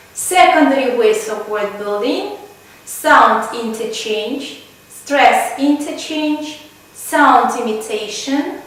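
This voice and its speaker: Brief: unhurried woman lecturer, high voice, in an echoey room far from the mic. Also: fairly bright tone. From Kazakhstan. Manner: slow, deliberate, lists examples one by one. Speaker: university lecturer. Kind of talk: slow recorded lecture.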